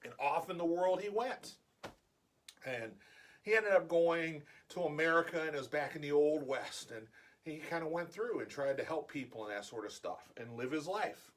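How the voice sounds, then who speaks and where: A man vlogging a casual personal story, animated and acting out the dialogue. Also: fairly high pitch, moderate pace.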